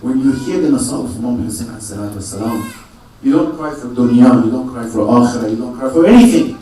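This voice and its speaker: A man's voice: medium pitch, expressive, fast talker, dark tone, slight background noise. A man giving a religious sermon to a congregation, asking rhetorical questions, answering them himself and repeating key phrases. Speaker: preacher. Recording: echoey hall, mic far off.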